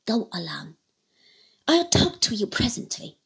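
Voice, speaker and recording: A woman reading aloud voices a sly, scheming male clerk who is cornered and spiteful, speaking louder and with sneering threats. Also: medium pitch, big pitch swings, unhurried, creaky, breathy edge, heavily acted. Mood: threatening.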